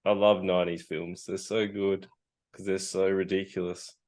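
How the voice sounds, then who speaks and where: Teasing man, lowish voice. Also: level tone, normal speed, a little mellow. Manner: playful, teasing, keeps saying mate. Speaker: podcast co-host. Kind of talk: casual movie chat.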